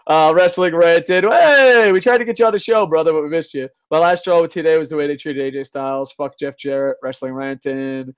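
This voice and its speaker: A man's voice: a little high, steady tone, a little fast, few pauses, clear, resonant tone. A man hosting a casual live stream, reading chat, swearing and ranting, laughing often. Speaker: host.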